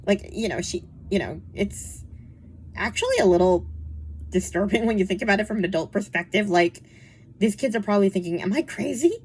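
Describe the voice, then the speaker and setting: This young woman reviews books in a casual, chatty style, laughing often and using lots of fillers. Her mid-range voice is brisk and slightly rough.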